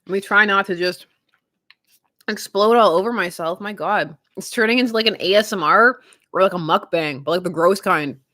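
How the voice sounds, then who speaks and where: A young woman chatting casually with her stream viewers, giggling often and talking in an animated way. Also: mid-range voice, normal speed, no echo, clean studio sound. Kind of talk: casual live-stream chat.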